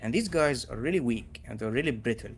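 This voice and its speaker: A man narrating as game master of a tabletop game, relaxed and full of fillers. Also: medium pitch, fairly quick, a little hiss or hum.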